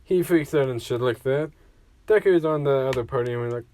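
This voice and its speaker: A man's voice: mid-range voice, a little fast, darkish tone, no room sound. Rambling young man telling a story. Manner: rambling, full of "like" fillers. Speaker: fan-fiction narrator. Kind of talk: casual storytelling.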